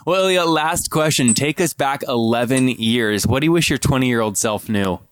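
A man hosting a business podcast, reading ads and firing quick questions at a guest in an upbeat, salesy way. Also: mid-range voice, clean tone. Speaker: podcast host. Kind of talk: upbeat podcast interview with ad reads.

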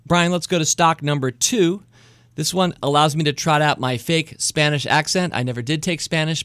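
A man's voice: a little high, a bit bright, no room sound, clean studio sound. Chatty American man hosting a podcast. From United States. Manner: chatty, enthusiastic, jokes about his fake Spanish accent. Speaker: podcast host. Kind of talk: casual investing podcast chat.

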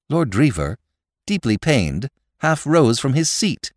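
A man narrating classic fiction in a wry, expressive storytelling manner. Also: medium pitch, slow, dry recording, clean studio sound. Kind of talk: audiobook reading of classic fiction.

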